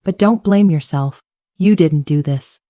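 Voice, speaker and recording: A soft-spoken, weary father, as a woman reads him out in a low, mellow voice. The sound is dry and close. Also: unhurried, no echo. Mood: gentle. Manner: gentle, heavy-voiced. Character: gentle, tired father.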